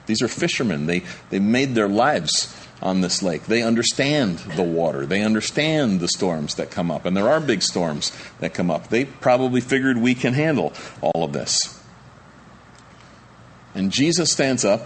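A man's voice: fairly low pitch, slight background noise. A man, a pastor, preaching a sermon and acting out the disciples' panic during the storm. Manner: animated, acts out disciples' panicked voices.

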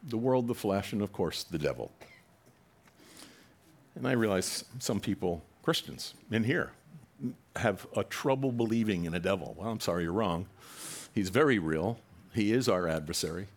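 Conversational low-voiced male preacher. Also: expressive, moderate pace. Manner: conversational preaching, acts out quoted voices with rising animation. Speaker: pastor. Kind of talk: sermon.

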